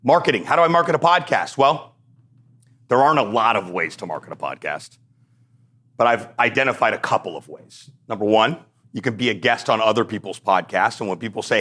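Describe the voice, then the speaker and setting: A man hosts a solo podcast and teaches his listeners in a blunt, energetic, joking way. His voice sits in the middle register. He slips into quick acted-out exchanges to make his points. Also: medium pitch. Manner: blunt, energetic, jokey, acts out quoted exchanges. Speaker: podcast host and coach.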